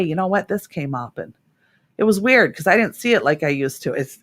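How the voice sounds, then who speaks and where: A middle-aged woman hosting a radio talk show, a therapist telling stories about her clients in a casual, earnest way. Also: extremely low pitch. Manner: earnest, warm storytelling with laughs.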